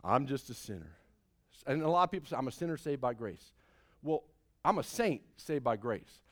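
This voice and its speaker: A middle-aged man preaching a sermon as pastor, emphatic, swinging between loud calls and hushed lines. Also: mid-range voice, big pitch swings, normal speed.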